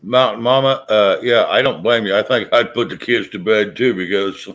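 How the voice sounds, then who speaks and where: A man's voice: lowish voice, moderate pace, fairly bright tone. Man making teasing remarks. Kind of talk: casual chat.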